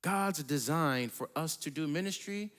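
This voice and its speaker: A man's voice: fairly high pitch, lively intonation, unhurried, a bit bright. A man preaching a sermon, reading scripture aloud and then explaining it in a casual, conversational way. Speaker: pastor.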